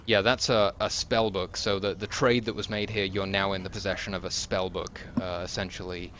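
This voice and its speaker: Man narrating as game master, low and muffled. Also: little pitch movement, a bit bright, a little hiss or hum. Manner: halting narration full of fillers and restarts. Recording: dull lo-fi recording.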